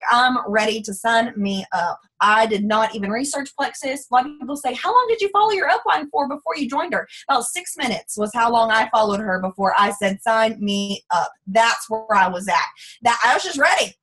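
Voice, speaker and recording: Bubbly woman in her twenties, husky. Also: on the high side, a little fast, low-quality recording. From Texas. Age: 20s. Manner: bubbly, chatty, animated storytelling with quoted asides. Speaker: former teacher sharing her story. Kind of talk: casual testimonial talk.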